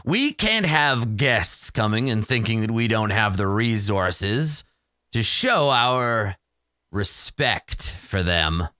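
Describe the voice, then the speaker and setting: A man voicing a gruff male warlord who gives orders from his throne, speaking in a commanding, dismissive way. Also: lowish voice, sing-song, takes it slowly, pushed and bright, no room sound, studio quality, voice pushed down, exaggerated voice.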